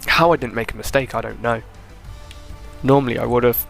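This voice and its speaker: Gravelly guy commenting on a race replay. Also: medium pitch, steady tone, fairly bright tone, faint music behind. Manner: chatty, thinking aloud, quick self-corrections. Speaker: gaming video creator. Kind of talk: casual game replay commentary.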